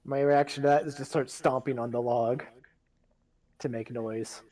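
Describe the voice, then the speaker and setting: A man playing a tabletop game, quickly and eagerly declaring his character's actions. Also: mid-range voice, steady tone, mellow. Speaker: player. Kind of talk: casual tabletop game play.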